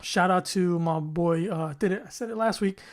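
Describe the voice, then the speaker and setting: A young man co-hosting a podcast in casual banter, relaxed, with fillers. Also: high-pitched, normal speed. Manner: relaxed, hesitant with fillers, giving shout-outs. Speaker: podcast co-host.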